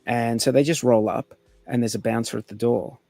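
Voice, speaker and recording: A man's voice: medium pitch, steady tone, moderate pace, gravelly, warm tone, no room sound. A man, co-hosting a casual podcast, telling a story and laughing often. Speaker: podcast co-host. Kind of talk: casual chat, telling a joke.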